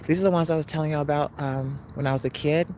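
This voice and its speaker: Lady from on a phone live stream, walking outside, talking to her dogs, lots of loud outdoor noise. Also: low-pitched, fairly even intonation, fast talker. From Mississippi. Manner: chatty, coaxing the dogs between remarks to viewers. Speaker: livestreamer. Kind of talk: casual live-stream chat. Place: outdoors on a city walk.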